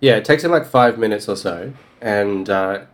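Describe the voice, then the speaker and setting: A man co-hosting a book podcast, his voice sitting fairly low. He walks through the plot in careful detail and adds dry, wry asides. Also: normal speed. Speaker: podcast co-host. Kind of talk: casual chat about a novel.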